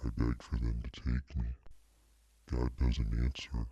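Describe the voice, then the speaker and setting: A man voicing a possessed young woman who speaks in a slow, menacing demonic voice. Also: rumbling low, completely flat delivery, mellow, breathy edge, highs cut off, pitched below the performer's own voice, full character voice.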